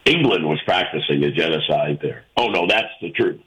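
A man's voice: rumbling low, animated, normal speed, hardly any pauses, fairly bright tone, low-quality recording. A man hosting a call-in radio show, arguing his point emphatically and firing rhetorical questions at listeners over a studio microphone. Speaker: talk radio host. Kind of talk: call-in radio opinion talk.

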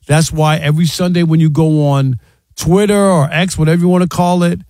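A high-pitched man hosts sports talk radio in a dry, close studio sound. He argues emphatically, making his case point by point and mimicking fans yelling at the game. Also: steady tone, fairly quick, dry recording. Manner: emphatic, argumentative, acts out fans' yelling.

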